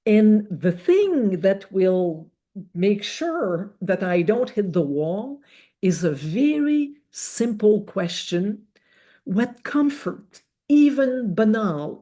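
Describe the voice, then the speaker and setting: A woman giving an educational webinar talk, explaining step by step in a measured way. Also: medium pitch, dark tone. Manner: slow, measured explaining with rhetorical examples. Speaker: webinar speaker.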